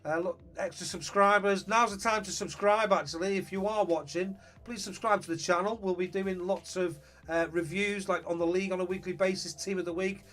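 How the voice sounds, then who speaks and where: A man's voice: high-pitched, fairly even intonation, fairly quick, a bit bright. A man chatting casually on a live stream, greeting viewers and thinking aloud about his team.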